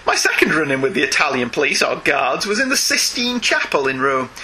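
A man's voice: fairly high pitch, very animated, a little fast, bright, forceful tone, slight background noise. A man co-hosting a casual chat show, reading listener emails aloud and laughing often.

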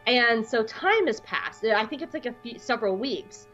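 Excitable woman cohost rambling through a story, kinda high voice, muffled lo-fi audio w faint music. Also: moderate pace. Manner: excitable, gushing, breaks into squeals. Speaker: podcast co-host. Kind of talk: casual storytelling chat.

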